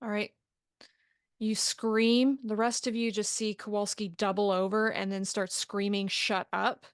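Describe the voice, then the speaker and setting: A woman narrating a tabletop horror game as its game master, measured and descriptive. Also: medium pitch, flat delivery, clean tone, dry recording, clean studio sound.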